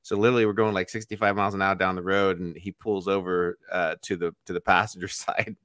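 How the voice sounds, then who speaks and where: A man with a deep, low-pitched voice chats casually on a podcast. He rambles through his stories in a laid-back, slightly profane way. The sound is dry and close. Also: little pitch movement, fast, fairly bright tone, dry recording. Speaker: podcast co-host. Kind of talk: casual chat.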